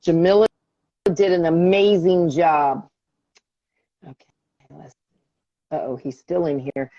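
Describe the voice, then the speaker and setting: A woman hosting a casual live stream mutters to herself as she wrestles with the app, growing frustrated. Her voice is fairly low, warm and slow-paced, on a dry recording with dull lo-fi stream audio.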